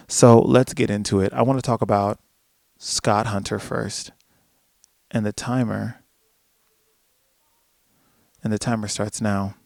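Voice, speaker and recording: A man's voice: fairly low pitch, vocal fry, darkish tone, dry recording, clean studio sound. A man hosting a solo podcast, ranting animatedly with plenty of swearing and acted-out asides to himself. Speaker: podcast host.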